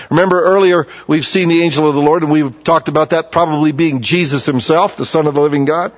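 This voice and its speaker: A man delivers a sermon, moving between reading scripture and explaining it in plain, emphatic asides. His voice sits a little high for a man. The recording is dull and lo-fi, with a long reverb trailing off in a large hall. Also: steady tone, fast, hardly any pauses. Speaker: preacher.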